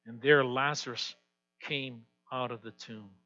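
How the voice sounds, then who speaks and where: A man preaching a sermon as pastor, swinging from hushed, quiet passages to loud, emphatic declarations. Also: medium pitch, steady tone, unhurried. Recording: dull lo-fi sound with long hall reverb.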